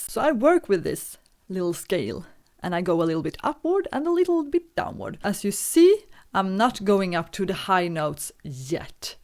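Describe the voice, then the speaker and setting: A woman leads a vocal warm-up lesson, guiding each step calmly and patiently. Her voice sits fairly low but rises and falls in lively swoops. She takes her time, speaking at an unhurried pace. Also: creaky. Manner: calm, patient step-by-step instruction. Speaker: singing teacher.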